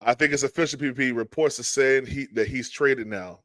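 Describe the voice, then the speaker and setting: A man hosting a sports podcast, ranting in an animated, exasperated way with stammering repeats. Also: mid-range voice, a little fast, hardly any pauses. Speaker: podcast host. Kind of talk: fired-up sports podcast rant.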